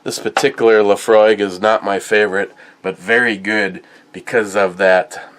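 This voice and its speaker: A man talking casually in a tasting review vlog, telling stories in a rambling, halting way. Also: lowish voice, steady tone, a bit bright, a little hiss or hum. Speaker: whiskey and beer reviewer.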